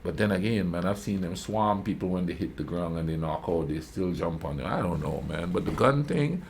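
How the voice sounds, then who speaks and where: Mellow low-voiced man telling rambling stories. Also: animated, fairly quick, vocal fry, a little hiss or hum. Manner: rambling anecdotes, frequent "you know what I mean"; calls himself a quiet talker. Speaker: reaction video host. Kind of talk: casual storytelling commentary.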